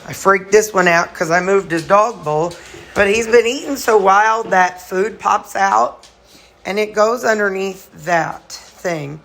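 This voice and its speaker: A woman's voice: medium pitch, unhurried, a bit bright, slight background noise. A woman vlogging casually at home, rambling through her chores and morning routine while talking to her dogs. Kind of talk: casual home vlog chat. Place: at home, kitchen and storage room.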